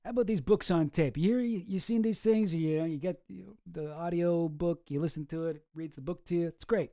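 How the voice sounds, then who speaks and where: A man doing a deadpan stand-up comic. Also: a little high, a little fast, dry recording, clean studio sound, lightly acted. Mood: mock-excited.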